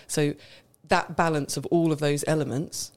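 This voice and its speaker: A woman's voice: low voice, fairly even intonation, moderate pace. A woman from Britain co-hosting a casual podcast chat, explaining in detail and laughing often. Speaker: wine expert co-host.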